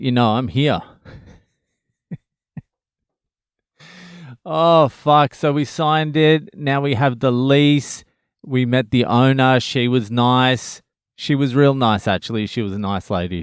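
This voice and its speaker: A man's voice: mid-range voice, no echo, studio quality. A man, a father in his thirties, telling a profane, joking story about furniture shopping in a casual vlog. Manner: profane, joking, animated retelling. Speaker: vlogger.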